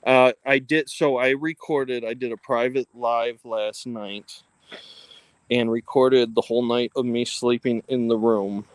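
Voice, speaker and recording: A man's voice: mid-range voice, steady tone, a little slow, clear, resonant tone, no room sound, low-quality recording. A man co-hosting a livestream, talking casually with lots of ums and restarts, recorded on a phone. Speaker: co-host of a ghost-hunting livestream.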